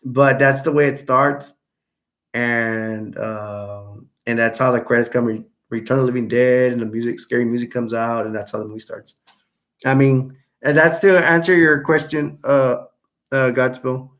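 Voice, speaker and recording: A man hosting a relaxed chat stream, talking at an ordinary mid pitch. He rambles through a film plot with fillers, restarts and many pauses. He stops now and then to read viewer comments aloud. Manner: rambling, halting storyteller. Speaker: livestream host. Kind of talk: casual livestream chat.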